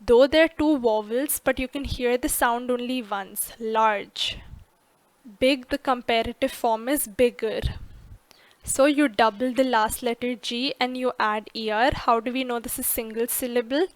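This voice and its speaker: Dry, high-voiced woman teaching grammar. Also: steady tone, no echo. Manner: slow, careful, with clearly stressed example words. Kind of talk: scripted lesson narration.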